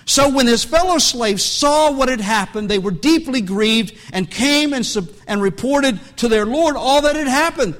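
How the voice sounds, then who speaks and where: A man's voice: extremely high pitch, expressive, moderate pace, few pauses, fairly bright tone. A man preaching a sermon as pastor, reading scripture aloud and breaking into conversational asides, with many restarts.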